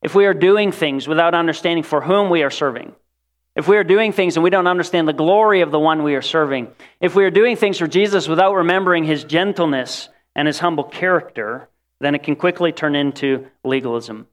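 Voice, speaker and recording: A man preaching a sermon in an animated way, acting out the voices of the people he quotes. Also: on the high side, fairly quick.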